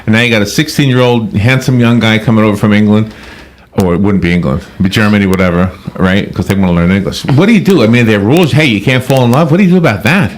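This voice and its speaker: A man's voice: on the low side, fast talker. A man hosting a radio interview, asking playful questions and joking around in a casual way. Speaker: radio host. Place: radio studio.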